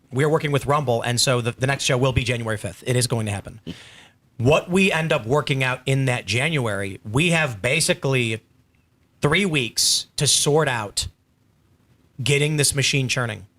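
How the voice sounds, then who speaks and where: A man's voice: medium pitch, a bit bright. Casual man hosting a panel show. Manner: rambling, storytelling with acted quotes. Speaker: host.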